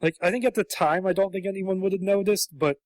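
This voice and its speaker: Animated higher-voiced man chatting casually. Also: fast talker, no room sound. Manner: animated, acts out quotes in comic voices. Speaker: podcast co-host. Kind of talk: casual podcast chat.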